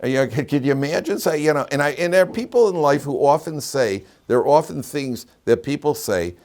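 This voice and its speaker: Rabbi lecturing, repeating himself. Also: male voice, fairly high pitch, expressive, fairly quick, darkish tone. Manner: repeats phrases while telling jokes and anecdotes. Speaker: rabbi teaching a weekly Torah class. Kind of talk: classroom lecture.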